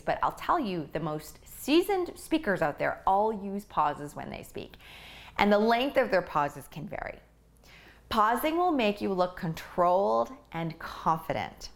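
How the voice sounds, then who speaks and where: A woman public speaking coach giving a scripted video lesson, delivering her points clearly and emphatically, often checking in with a "right?". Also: fairly low pitch.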